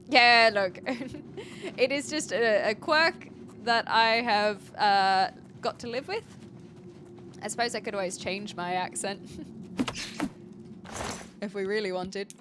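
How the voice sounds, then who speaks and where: A woman's voice: mid-range voice, a little slow, long pauses, fairly bright tone. A woman from New Zealand with a formal, British-sounding accent and a slight Kiwi twinge, chatting casually while streaming a game. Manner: formal, precise speech. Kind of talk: casual gameplay commentary. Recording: game music playing behind the voice.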